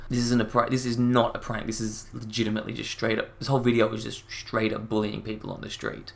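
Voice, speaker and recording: A man's voice: on the low side, monotone, fast, gravelly, hardly any pauses. Sarcastic man with casual, profane commentary. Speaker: commentary youtuber.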